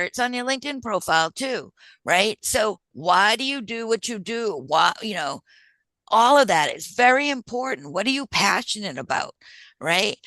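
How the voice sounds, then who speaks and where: A woman's voice: fairly high pitch, bright, forceful tone, dry recording. A woman presenting a job-search workshop in a conversational way, often checking in with her listeners. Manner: conversational, keeps checking in with "right?".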